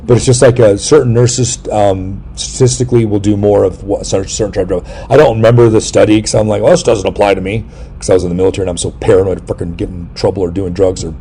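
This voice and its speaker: A middle-aged man hosting a casual interview chat, telling rambling, jokey stories and breaking into sudden loud yelps. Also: fairly low pitch, steady tone, quick pace, breathy edge. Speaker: podcast host.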